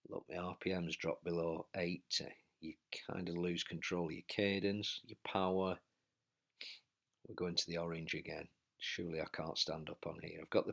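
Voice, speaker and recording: A man's voice: low voice, vocal fry, fairly bright tone. A man commentating on his own indoor bike race as he rides, out of breath and urging himself on. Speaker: cycling vlogger. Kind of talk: live race commentary while riding.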